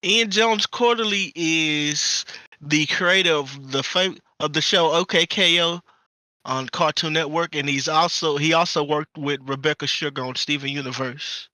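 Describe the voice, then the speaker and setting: A man's voice: on the high side, a little slow, bright, forceful tone, no echo. A young man co-hosting a casual podcast, laid-back and laughing, quoting theme songs and lyrics. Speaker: podcast co-host.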